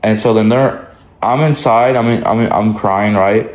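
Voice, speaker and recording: A man's voice: on the low side, steady tone, moderate pace, a little mellow. A man vlogger telling a casual story, rambling with lots of "like" and restarts. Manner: rambling, many likes and restarts. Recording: roomy echo.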